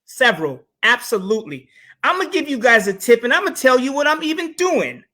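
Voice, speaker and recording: A man talking casually about investing, animated and joking as he tells stories. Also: extremely high pitch, fairly quick. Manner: animated storyteller, joking asides.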